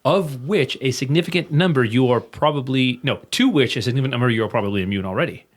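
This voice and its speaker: A man's voice: medium pitch, quick pace. A man co-hosting a comedy podcast, making pedantic corrections and profane jokes in casual chat. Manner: jokey, profane, pedantic asides. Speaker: podcast co-host.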